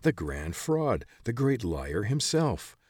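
A man voicing a bitter, secretive old man who hides in caverns, calm one moment and snappish the next. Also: sits low, normal speed, studio quality. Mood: bitter, irritated. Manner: calm but snappish, hacking cough. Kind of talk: audiobook character voice.

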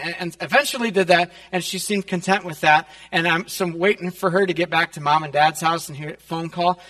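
A man's voice: fairly high pitch, pushed and bright, long reverb tail. A male pastor preaching casually, telling a personal story with many fillers, in a church. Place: church sanctuary.

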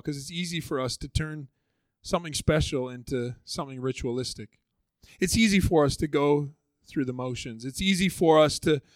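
A man's voice: on the high side, no echo. A man preaching a sermon in a conversational way, acting out the voices of the people in his stories. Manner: conversational, acts out voices of biblical figures. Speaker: pastor.

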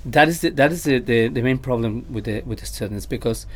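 A man's voice: mid-range voice, a little fast. A man working as a vocal coach who chats casually on a podcast, often repeating words and laughing easily, with slightly phrasing.

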